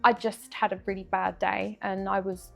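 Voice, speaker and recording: Gentle woman with a gravelly edge. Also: medium pitch, flat delivery, normal speed, soft background music. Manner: gentle, reflective storytelling. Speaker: guest, parent of a young son. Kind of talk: casual panel chat.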